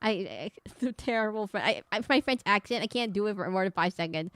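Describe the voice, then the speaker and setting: A woman's voice: medium pitch, brisk, a bit bright, no echo. Young female VTuber, mid-range voice, chatty live gameplay chatter with exclamations. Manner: chatty, exclaiming, reads game dialogue aloud. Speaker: VTuber streamer.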